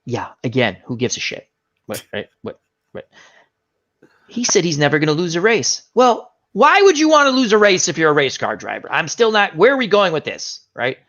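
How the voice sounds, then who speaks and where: A man's voice: fairly high pitch, normal speed. A man hosting a casual live chat, telling a long story and acting out the other people's lines. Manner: animated storytelling, acts out quotes. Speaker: show host. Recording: dull lo-fi stream audio.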